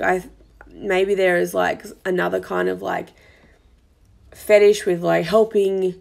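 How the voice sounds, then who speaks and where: A young woman talks through her podcast commentary in a loose, filler-heavy way, sounding exasperated. Her voice sits at a middle pitch with a gravelly, fried edge. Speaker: podcast host. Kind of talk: casual commentary monologue.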